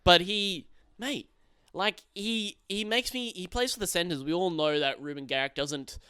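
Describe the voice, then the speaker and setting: A man with a bright, crisp voice talks footy in casual banter, cursing freely and trailing off mid-thought. He sounds close and dry, recorded right up on the mic. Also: high-pitched, measured pace, no room sound. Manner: laughs easily, swears casually, trails off mid-sentence. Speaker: podcast co-host. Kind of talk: casual sports chat.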